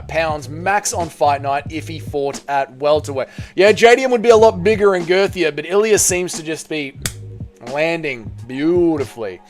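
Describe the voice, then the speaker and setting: A man with an Australian accent hosting a live stream, chatting casually, reading out and answering viewer comments, and swearing now and then. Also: a little high.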